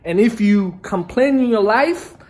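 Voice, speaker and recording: A woman's voice: medium pitch, expressive, a little slow, a little mellow. A woman from Iran talking casually to camera about business, rambling and joking, tagging lines with "okay?". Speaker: vlogger. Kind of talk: casual motivational monologue to camera.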